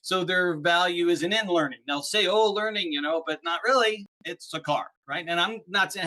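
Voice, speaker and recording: A man, a guest on an interview podcast, explaining ideas in an animated, chatty way and often checking in with "right?". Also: sits high, moderate pace, hardly any pauses. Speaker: podcast guest, speaker on neuroplasticity. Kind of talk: casual interview chat.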